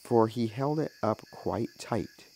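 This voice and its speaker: Slow-reading male storyteller. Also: on the low side, darkish tone, rough recording. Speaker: minister.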